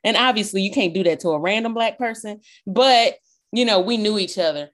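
A young woman from the South, talking loudly and expressively in a casual chat. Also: mid-range voice, fairly quick. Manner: loud, projecting, expressive.

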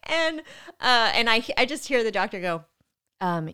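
A woman's voice: a little high, very animated, moderate pace, pushed and bright, smooth. A woman animatedly telling a personal story in casual chat, often breaking into laughter. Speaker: guest telling her birth story.

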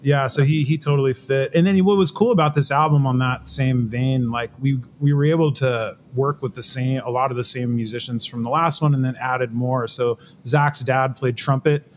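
A man's voice: mid-range voice, steady tone, normal speed, few pauses, a little hiss or hum. A man in a casual interview, talking about making a record in a laid-back, rambling way and laughing easily. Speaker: band member, producer.

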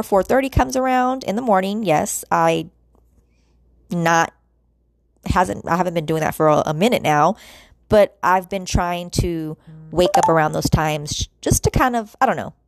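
Gravelly-voiced woman rambling to camera. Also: lowish voice, no echo. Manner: rambling, many fillers and restarts, addresses viewers as y'all. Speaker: vlogger. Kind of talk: casual confessional chat to camera.

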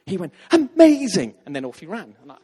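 A man telling a story in a sermon, lively and acting out the voices of the people in it. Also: fairly high pitch, rapid-fire, husky. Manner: animated, acts out quoted voices. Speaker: preacher. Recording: long hall reverb.

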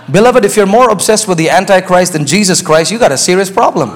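High-voiced preacher man shouting in a hall. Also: animated, fast talker, few pauses. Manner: swings from hushed asides to shouted, high-pitched climaxes. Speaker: pastor. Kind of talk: sermon. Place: church sanctuary. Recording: hall reverb.

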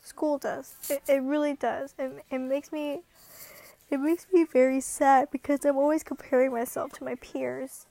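Teen girl, vlogger, high voice, heavy vocal fry, anxious, self-deprecating, rambling, laughs often. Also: flat delivery, normal speed, dark tone, no echo. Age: late teens. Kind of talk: casual rambling monologue.

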